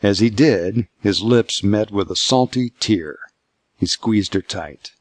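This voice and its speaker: A man reading scripted narration for an audiobook in a measured, steady way. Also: lowish voice, no echo.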